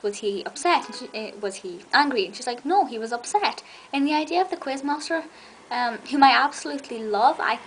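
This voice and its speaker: A woman's voice: fairly high pitch, slight background noise, poor audio. A woman reviewing a TV episode in a casual, chatty video, gushing like a fan.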